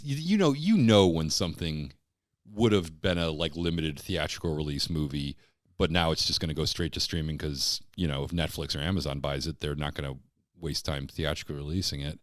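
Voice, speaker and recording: A man co-hosting a casual podcast, talking things through in a relaxed, reasoning way. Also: very deep voice, no echo, clean studio sound. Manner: relaxed and reasoning, drawn-out explanations. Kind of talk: casual chat.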